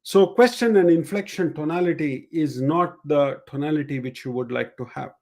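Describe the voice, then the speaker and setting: A man's voice: a little high, normal speed, a little mellow. A man coaching in a live-streamed lesson, explaining and demonstrating ways of speaking, often repeating his main points. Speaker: sales and communication coach. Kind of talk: live-streamed teaching session.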